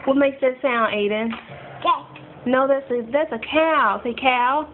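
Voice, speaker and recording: This tinny phone recording, with music behind it and a slight hiss or hum, captures a young mother's high-pitched voice at a measured pace. In casual baby talk at home, she makes animal sounds and coaxes her toddler to name animals and say words.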